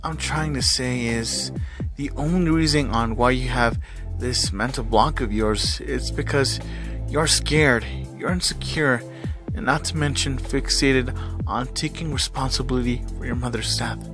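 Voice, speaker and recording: A man reading fan fiction aloud, voicing an ancient heroine woman who is a calm, patient, gently teasing mentor. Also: mid-range voice, a little slow, over music, close to an everyday voice.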